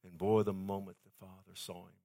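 Emphatic male preacher, loud and soft swings. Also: deep voice, flat delivery, brisk. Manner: emphatic, swings between soft and loud, asks the congregation for response. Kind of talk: sermon.

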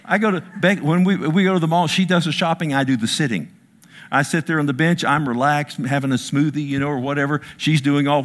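A man in his sixties preaching a sermon to a congregation, swinging from loud, high bursts to slow, low emphasis, with self-mocking asides. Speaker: pastor.

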